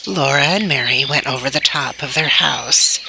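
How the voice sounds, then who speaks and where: A woman reading a children's novel aloud in a slow, deliberate, gentle way. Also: rumbling low, creaky, background noise. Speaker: storybook reader.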